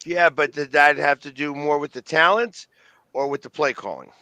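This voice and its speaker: A man's voice: a little high, moderate pace, sharp tone, no echo. A man co-hosting a sports talk show, answering with dry, wry comebacks. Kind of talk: casual sports debate.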